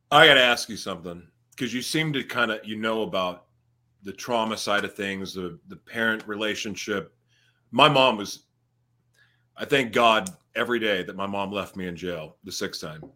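A man speaking candidly and haltingly in a casual conversation about his personal recovery. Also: fairly low pitch, pushed and bright.

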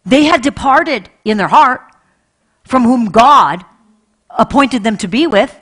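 A woman preaching from the pulpit, her voice sitting higher than most. She presses her points with repetition, rising to loud emphasis and dropping to hushed, intimate asides. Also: animated, slow pace, slightly rough. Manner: impassioned, repeats phrases, swings between loud and hushed. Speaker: pastor. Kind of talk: sermon.

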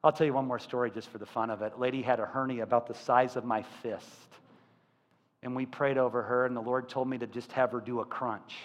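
A male pastor preaching a sermon, telling stories with lively acted-out voices. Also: medium pitch, brisk. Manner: animated storytelling, acting out quoted voices. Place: church sanctuary. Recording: church hall with long reverb.

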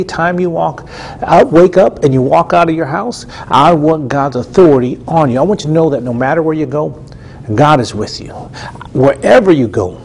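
A middle-aged man with a fairly high-pitched voice preaches as a TV ministry host in an earnest, conversational way. He stacks repeated phrases for emphasis and often restarts mid-sentence. A faint hiss sits under his voice. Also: darkish tone. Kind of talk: conversational sermon teaching.

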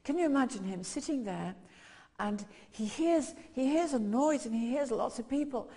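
A woman's voice: a little high, lively intonation, moderate pace, mellow, slightly rough. A woman preaching a sermon, telling a story and acting out its voices with growing intensity. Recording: long hall reverb.

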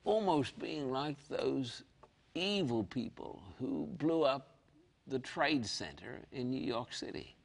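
Gravelly man teaching the Bible. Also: mid-range voice, big pitch swings. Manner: earnest, reads scripture aloud slowly. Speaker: guest preacher explaining the Bible.

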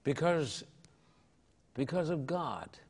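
A man's voice: a little high, expressive, takes it slowly, a little mellow, husky. An older Australian man, an evangelist and pastor, answering interview questions in a fervent, preacherly way.

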